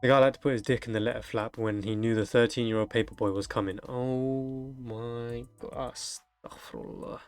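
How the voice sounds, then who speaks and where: A man's voice: fairly low pitch, fairly even intonation, quick pace, hardly any pauses, soft background music. A young man reads delivery-driver stories aloud from the internet and breaks in with crude, joking reactions. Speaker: streamer reading online stories. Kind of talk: reading aloud with comedic commentary.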